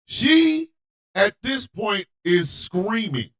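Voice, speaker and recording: A man hosting a radio show, telling a comedic story in a loud, animated, profane way and often shouting. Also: high-pitched, unhurried.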